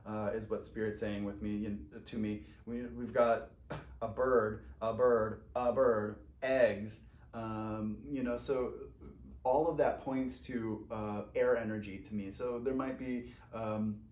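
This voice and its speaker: A man's voice: fairly low pitch, steady tone, slow pace, darkish tone, echoey room. A man giving an enthusiastic spiritual tarot reading, gushing over the cards, rambling with fillers and restarts. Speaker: tarot card reader.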